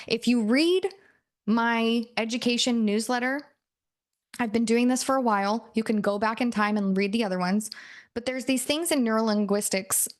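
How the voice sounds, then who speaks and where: A woman coach teaching a casual lesson, chatty, laughing often and acting out little quoted exchanges. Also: on the high side. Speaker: NLP coach.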